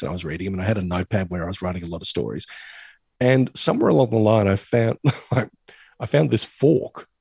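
A man's voice: lowish voice, vocal fry, darkish tone, breathy edge, no room sound. A middle-aged man, chatting casually on a podcast and telling rambling, self-deprecating stories. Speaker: podcast co-host. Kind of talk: casual chat.

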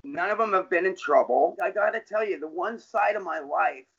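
A man's voice: high-pitched, moderate pace, gravelly, a bit bright, slightly rough. Blunt, profane middle-aged man, lo-fi. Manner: blunt, profane street talk. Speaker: interviewee. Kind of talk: candid personal storytelling. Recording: dull lo-fi recording.

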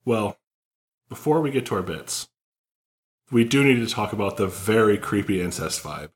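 A man with a fairly low voice co-hosts a casual movie podcast. He retells scenes with jokes and quick bursts of laughter, keeping the chat loose and playful. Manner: joking, animated storytelling with laughs. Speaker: podcast co-host.

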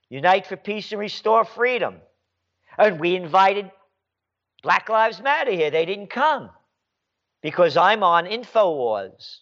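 Sarcastic high-voiced man ranting slowly. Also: a bit bright, lo-fi sound. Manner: sarcastic and mocking. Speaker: commentary show host. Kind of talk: ranting commentary.

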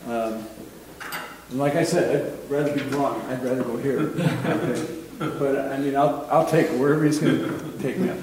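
Male Bible teacher, casual and chatty, middle pitch, recorded from a distance in an echoey room. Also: normal speed, a little hiss or hum. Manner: relaxed and chatty, often checks in with "okay?". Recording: roomy sound from some distance off the mic.

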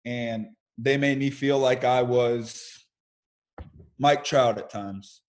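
A young professional baseball player from the United States takes his time, speaking slowly at a medium pitch. As a podcast guest on a casual video call, he tells lively, candid stories about his career and swears mildly now and then.

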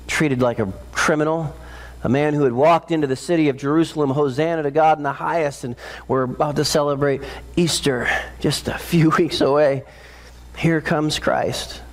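A male pastor preaches a sermon, retelling a story with dramatic intensity. At the peaks he climbs high and loud, then drops low and slow for solemn moments.

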